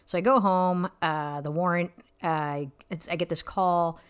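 A woman comedian telling a story in casual chat, animated, acting out the voices of the people in it. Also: fairly low pitch, measured pace, clear, resonant tone. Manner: animated, acts out quoted voices. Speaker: stand-up comedian guest.

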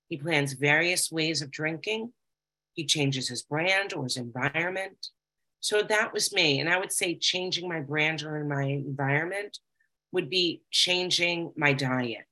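A woman's voice: low voice, sharp tone, slightly rough, poor audio. A middle-aged woman giving an earnest, confessional talk about recovery, reading passages aloud and reflecting on them. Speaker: speaker sharing recovery experience.

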